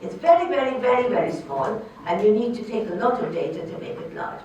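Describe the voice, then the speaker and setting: A woman's voice: fairly quick, slight background noise. An older woman, a linguistics professor, giving an academic lecture, explaining points and putting questions to her audience. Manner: explanatory, poses questions to the audience, lively pitch. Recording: echoey hall, distant from the mic.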